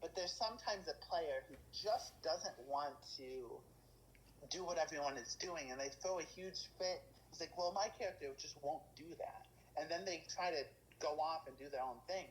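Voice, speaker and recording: A woman's voice: low voice, normal speed, a little hiss or hum, rough recording. Rambling woman dungeon master. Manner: rambling, many fillers and restarts. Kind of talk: casual interview.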